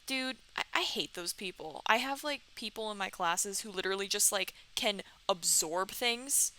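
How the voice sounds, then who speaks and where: A young woman giving animated, giggly commentary on her game playthrough and reading its text aloud. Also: medium pitch, slight background noise. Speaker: let's player. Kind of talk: casual gameplay commentary.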